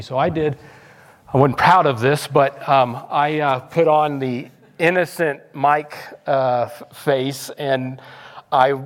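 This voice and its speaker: Pastor, middle-aged man, casual storytelling sermon with self-mocking humor, voice sits slightly high. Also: slow. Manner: conversational, self-deprecating storytelling with playful impressions. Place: church sanctuary.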